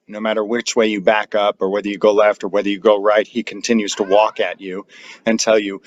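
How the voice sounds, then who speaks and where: A man narrating his own street footage in a measured, explanatory voice-over. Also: fairly low pitch, little pitch movement, highs cut off. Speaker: channel narrator.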